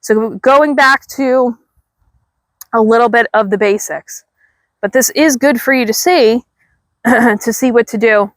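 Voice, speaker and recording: Woman trainer, slightly high voice, dry close sound, calm teaching with sing-song praise. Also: unhurried, no echo. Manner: calm explaining, bursts of high praise to the dog. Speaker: dog trainer. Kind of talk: instructional dog training demo. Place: outdoors.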